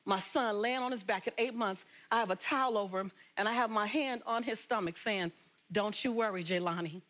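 A woman from Los Angeles, a talk show guest telling her life story in an animated, emphatic way. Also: medium pitch, fairly quick. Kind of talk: storytelling interview.

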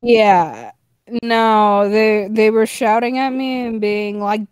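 Woman with a high voice talking slow and easy, amused, chuckly, dry no-room sound. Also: clean tone, no room sound. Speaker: tabletop game player. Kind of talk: casual chat between players.

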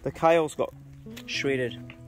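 Outdoors on his rural farm, a middle-aged man who owns the place hosts a casual vlog, speaking bluntly and cursing easily. His voice is medium-pitched and unhurried, with soft music playing behind him.

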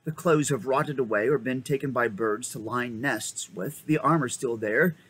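A man reading aloud and voicing a bold, quick-thinking schoolboy who speaks urgently and emphatically. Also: medium pitch, a bit bright, slight background noise, natural voice.

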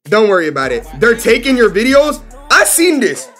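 Man, live-stream reaction chatter, animated, exclaiming, lively swinging pitch. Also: normal speed. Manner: animated, exclaiming, profane, says bro constantly.

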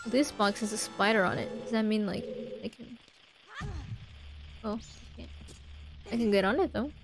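Give me a woman with a slightly high voice, quietly commenting on her game. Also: normal speed, faint music behind. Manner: speaks softly, half whispering in quiet parts. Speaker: gamer.

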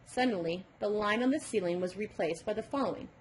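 A woman narrating a storybook aloud in an expressive, storytelling way. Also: mid-range voice, brisk, slight background noise. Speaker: audiobook narrator.

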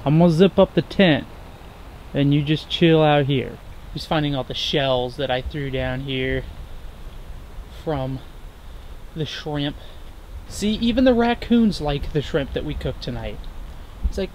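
A chatty young man tells his camera about cooking and bugs at a beach campsite, laughing often. His voice sits fairly high for a man, and a faint outdoor hush runs behind him. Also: unhurried, long pauses, slight background noise. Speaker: outdoor adventure vlogger. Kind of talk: casual camp vlog narration.

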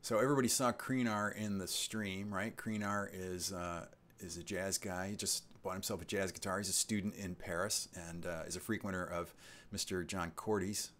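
Deep-voiced man in his sixties hosting a live stream. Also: steady tone, normal speed, fairly bright tone. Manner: rambling, reads out chat comments with asides. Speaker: channel host. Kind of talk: casual live-stream chat.

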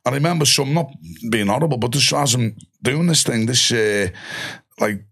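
Middle-aged scouse guy telling a wild story, husky gravelly voice, swears a lot, does everyone's voices. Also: mid-range voice, normal speed. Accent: Liverpool. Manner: animated, swears freely, acts out voices of friends. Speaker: guest. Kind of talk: storytelling in casual chat.

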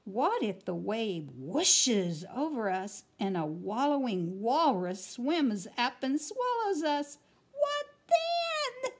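A woman voicing a worried female wombat in a storybook read-aloud, wailing in high anxious cries. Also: very animated, slow pace, heavily acted. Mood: fretful.

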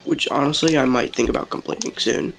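A man's voice: mid-range voice, brisk, a little hiss or hum. A man streaming a kart-racing game, chatting casually and rambling over voice chat.

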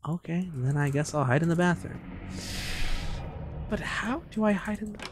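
A young man streaming a game, giving loud and excitable commentary with lots of swearing and trash talk. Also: on the high side, normal speed, background noise. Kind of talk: casual gameplay commentary.

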